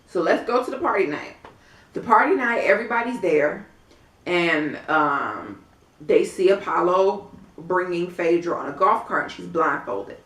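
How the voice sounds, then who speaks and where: A woman recaps a reality show on a casual vlog, sassy, blunt and profane, acting out what the cast members said. Her low voice is a bit bright, a little slow and lively in intonation, recorded far from the mic in an echoey room.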